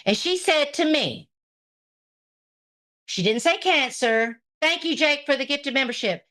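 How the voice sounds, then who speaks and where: A woman with a high-pitched, bright, forceful voice speaks animatedly but unhurriedly while hosting a livestream. She greets her chat while ranting at a rival in a profane, confrontational and sarcastic way.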